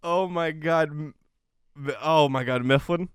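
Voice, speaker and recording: A man hosting a casual podcast, chatting in a relaxed, playful way and laughing easily with his guest. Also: on the high side, measured pace, smooth, no echo, studio quality. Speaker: podcast host.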